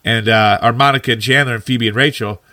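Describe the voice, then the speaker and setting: A man's voice: mid-range voice, fairly even intonation, fast talker, bright, forceful tone, dry recording. A man co-hosting a casual podcast, talking with enthusiasm about a favorite sitcom episode and laughing often. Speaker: podcast co-host.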